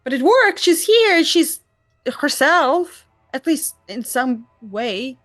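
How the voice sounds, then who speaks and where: A woman's voice: medium pitch, lively intonation, takes it slowly, darkish tone, faint music behind. A woman playing a nervous, stammering character in a tabletop role-play game. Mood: flustered.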